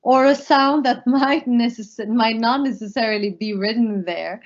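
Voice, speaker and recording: A woman's voice: on the high side, moderate pace. Woman explaining a language lesson. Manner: conversational, explains with fillers. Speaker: language teacher. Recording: dull lo-fi sound.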